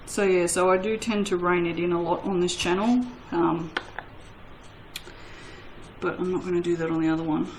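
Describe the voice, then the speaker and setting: A woman's voice: on the low side, fairly even intonation, moderate pace, pauses often, slight background noise, poor audio. A woman who hosts a soap-making channel and chats casually and self-mockingly to her viewers while she crafts, laughing often.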